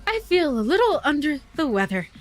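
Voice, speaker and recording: A woman voicing an eerie, listless teenage girl who talks slowly in a lifeless, drawn-out sing-song. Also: sits high, very animated, soft background music, pitched above the performer's own voice.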